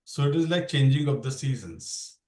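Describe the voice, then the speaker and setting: A man's voice: mid-range voice, animated, moderate pace, warm tone. A man teaching a Bhagavad Gita class in a loose, rambling way, often restarting his sentences. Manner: rambling, restarts, mixes English with Hindi. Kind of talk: explaining scripture in a casual class. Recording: roomy sound, far from the mic.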